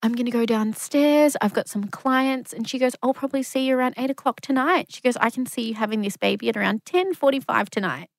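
A woman's voice: on the high side, fast, creaky, few pauses. A woman in her thirties tells her story at full tilt, slipping into the voices of everyone else in it and swearing without a second thought. She sits close to a mic in a dry room, with no echo at all. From Australia. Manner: animated storyteller, acts out quotes, swears casually. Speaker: guest. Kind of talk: casual storytelling interview.

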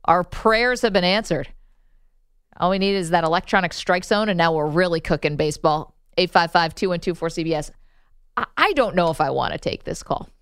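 A woman's voice: on the low side, a little fast, clear, resonant tone, dry recording, clean studio sound. A woman hosting a sports talk radio show, playful and opinionated in casual banter. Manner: playful, opinionated, laughs easily.

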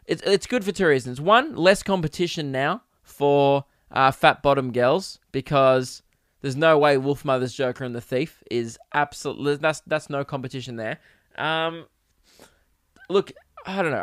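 A young man hosting a casual solo podcast, ranting with animated, profane mock outrage. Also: fairly high pitch, no room sound, studio quality. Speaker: podcast host.

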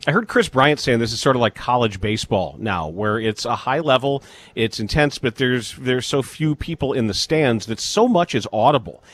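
A man hosting casual sports talk in a measured way, citing statistics with halting restarts. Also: medium pitch, expressive.

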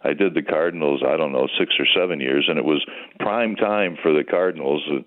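An older man with a strikingly deep, low voice talks in an easygoing, rambling way, like a veteran sportscaster swapping stories. He comes through a thin, phone-like line. He is a guest calling in to a radio show. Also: a little fast. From United States.

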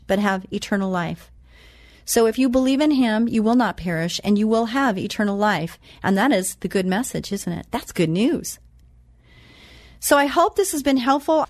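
A woman giving a motivational talk. She quotes scripture slowly and with emphasis, then chats about her own life. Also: medium pitch, no echo, studio quality. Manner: chatty and personal, tells anecdotes. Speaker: self-empowerment speaker.

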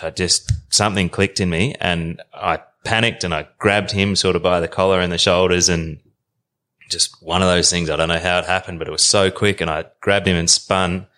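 Australian man, low pitch, podcast guest spinning a yarn, casual and lively. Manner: animated, colloquial, swears freely. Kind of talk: casual storytelling.

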